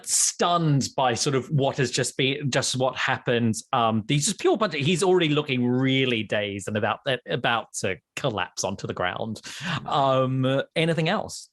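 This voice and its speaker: A man running a tabletop game as dungeon master, narrating with many pauses and ums. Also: mid-range voice, fairly bright tone.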